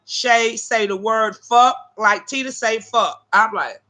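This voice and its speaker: Slowly and in a fairly high, pushed, bright voice, a woman livestream host shares casual stories with her chat viewers. She's brash and profane and calls them "y'all."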